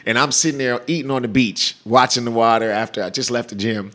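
Dude from california telling funny stories, super laid back, lots of slang. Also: male voice, medium pitch, quick pace. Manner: laid-back, slangy, animated when quoting people. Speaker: comedian and actor. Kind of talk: casual storytelling chat.

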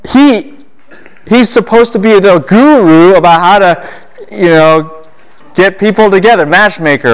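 A man lecturing a class on the Bible, animated and full of rhetorical questions. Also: a little high, smooth.

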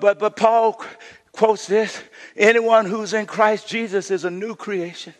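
High, bright-voiced shouting preacher. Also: male voice, in a large hall. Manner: call-and-response preaching, swings from shouting to hushed. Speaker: pastor. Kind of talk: sermon.

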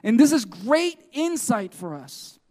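A man's voice: very high voice, big pitch swings, slow, a little mellow. A male pastor preaching a sermon in an earnest way, often putting questions to the congregation.

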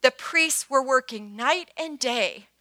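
A woman in her fifties preaching a sermon, earnest, moving from hushed prayer to emphatic bursts. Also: high-pitched, expressive, takes it slowly, dry recording. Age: 50s. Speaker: pastor.

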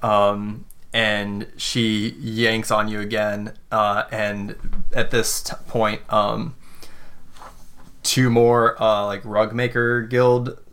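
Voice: medium pitch, flat delivery, very slow, a bit bright, smooth. A game master narrating a tabletop game in a hesitant way, full of fillers.

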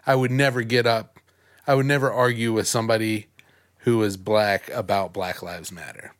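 A man in casual conversation who speaks in a measured, hedging, thoughtful way. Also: fairly low pitch, fairly even intonation. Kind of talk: casual chat.

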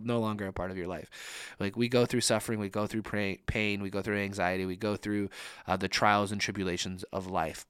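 A man's voice: on the low side, fairly bright tone, clear, resonant tone, dry recording, studio quality. A young man preaching a sermon in an earnest, conversational way, with frequent casual fillers. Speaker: pastor.

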